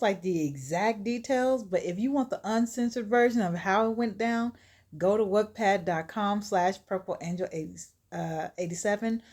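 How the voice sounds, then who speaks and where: A woman telling a spooky story aloud in a relaxed, chatty way. She keeps turning to her viewers with casual asides and laughs easily, at a middling pitch.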